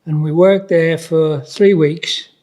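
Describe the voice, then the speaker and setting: A man's voice: fairly high pitch, steady tone, slow, a little mellow. A man, a tradesman co-hosting a podcast, telling a story in a rambling, hesitant way. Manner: rambling, hesitant, lots of fillers and restarts. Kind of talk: casual chat.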